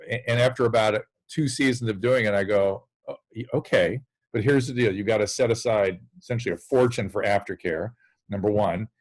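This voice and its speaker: A man's voice: medium pitch, low-quality recording. Blunt, emphatic man on a video call. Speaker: addiction medicine physician on a call-in show. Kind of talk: candid interview chat.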